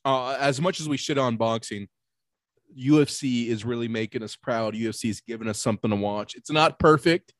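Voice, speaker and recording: Young dude on a podcast, chill rambly talk, swears, mid voice, dry mic. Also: male voice, mid-range voice, a little fast, no echo. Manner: laid-back, rambling, swearing. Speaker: podcast co-host. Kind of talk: casual chat.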